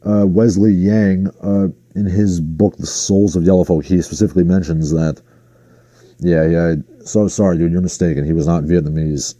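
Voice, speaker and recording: A man hosts his own livestream, ranting through casual commentary with a sarcastic, exasperated edge. His lowish voice is very dark and mellow, with fairly even intonation and a moderate pace, and the sound is dry and close, with no room around it and no echo.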